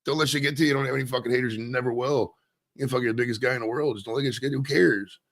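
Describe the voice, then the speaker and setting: Rapid-fire and fairly even in intonation, this mid-range male voice belongs to a Maine streamer hosting his own show. His solo chat is loose and rambling, heavy on profanity.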